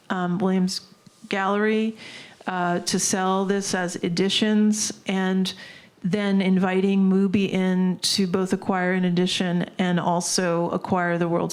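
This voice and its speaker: Give me a woman in a panel talk speaking earnestly in an even, flat tone. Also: medium pitch. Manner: earnest and emphatic, with fillers. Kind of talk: casual panel conversation. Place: gallery talk before a live audience.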